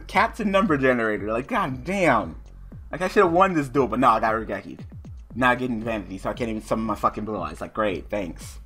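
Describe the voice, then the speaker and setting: A man's voice: fairly low pitch, lively intonation, fairly quick, pushed and bright, faint music behind. A young man commentating his online card game, reading cards under his breath and ranting with frequent swearing when the draws go against him. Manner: frustrated ranting, heavy swearing; muttering while reading cards. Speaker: card game video host.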